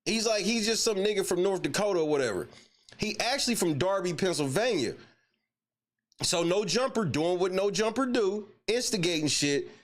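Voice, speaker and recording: A man with a high voice that swings widely in pitch, hosting a casual reaction show. He curses freely and keeps breaking into laughter as he talks. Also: animated, moderate pace. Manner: loud laughing, profane, swaying between high and low pitch. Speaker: show host.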